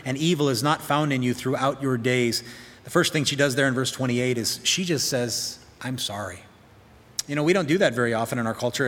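Man preaching a sermon in a reverberant hall. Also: medium pitch. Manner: storytelling, acts out quoted lines softly. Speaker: pastor.

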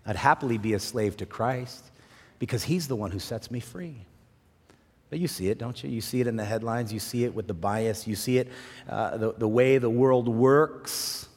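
A man pastor preaching a sermon with passion, swinging from loud, rising bursts to quiet, low drops. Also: moderate pace. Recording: long reverb in a large hall.

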